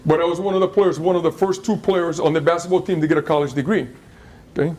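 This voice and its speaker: A man's voice: fairly high pitch, fairly even intonation, fast talker, a little mellow. A middle-aged man, giving a storytelling talk to schoolchildren, interactive, asking the audience questions and repeating phrases. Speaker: motivational speaker at a school.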